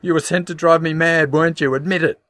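Guy putting on a shrill hysterical mum, way higher and louder than his own voice, sobbing and screaming. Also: expressive, moderate pace, creaky, no room sound. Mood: screaming rage. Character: hysterical, shrill grown mother at wits' end. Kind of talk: audiobook reading.

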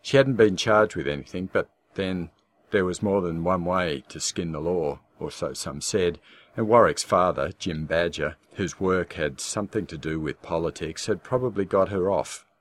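A man in scripted audiobook narration with a measured, darkly wry storytelling manner. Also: low-pitched.

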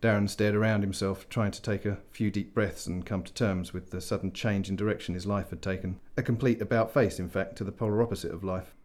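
A man reading a science fiction story aloud as narrator, dry and measured. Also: lowish voice, fairly even intonation, a little mellow. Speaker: audiobook narrator. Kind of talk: scripted narration.

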